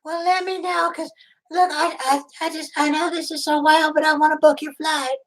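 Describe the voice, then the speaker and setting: A woman's voice: sits high, level tone, moderate pace. A woman on a prank phone call, playing a lonely, clingy character who giggles and gushes emotionally. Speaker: scam baiter posing as a lonely woman.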